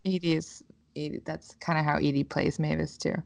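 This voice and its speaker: A woman's voice: sits low, level tone, brisk, creaky, dry recording. A woman co-hosting a podcast in casual chat, telling parenting stories candidly and swearing freely. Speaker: podcast co-host.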